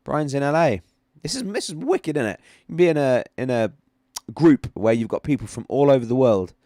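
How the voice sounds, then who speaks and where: A man's voice: medium pitch, brisk, mellow, no echo, studio quality. A man hosting a casual livestream, chatting about charts in a rambling way that repeats itself. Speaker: livestream host. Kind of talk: casual live-stream chat with chart analysis.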